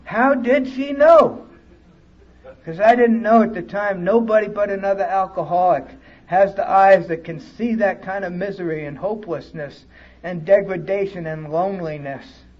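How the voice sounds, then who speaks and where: A man with a notably high voice tells his own story at a recovery conference, blunt and salty with his language. The recording sounds dull and lo-fi, like an old tape of a talk in a hall. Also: steady tone, normal speed. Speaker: conference speaker.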